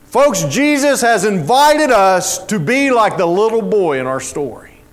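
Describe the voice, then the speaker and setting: A man's voice: high voice, very animated, measured pace. A man preaching a sermon in a folksy, storytelling way. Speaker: pastor.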